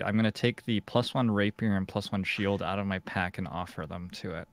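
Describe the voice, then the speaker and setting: A man's voice: sits low, brisk, dry recording. A young man playing a tabletop game, speaking in dry, mock-formal phrases. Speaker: player. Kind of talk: casual tabletop game chat.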